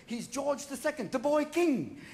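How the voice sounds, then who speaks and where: High, manic stand-up comedian man. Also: sing-song, gravelly. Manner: rapid-fire, jumping into voices and shouted bursts. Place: large theater stage. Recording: live theater recording with audience noise. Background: audience laughter and applause.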